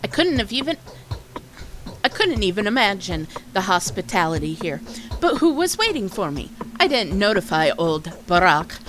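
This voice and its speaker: A woman streamer reading a game's dialogue aloud as an ambitious male doctor, in a measured, slightly halting way. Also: mid-range voice, big pitch swings, fairly bright tone, rough recording. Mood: curious.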